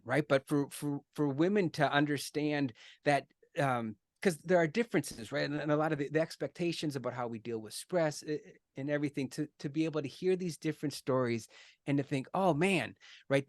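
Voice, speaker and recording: A man's voice: a little high, a little mellow, no echo, studio quality. A middle-aged man giving an earnest, conversational explanation as a podcast guest, often checking in with "right?" and restarting his words.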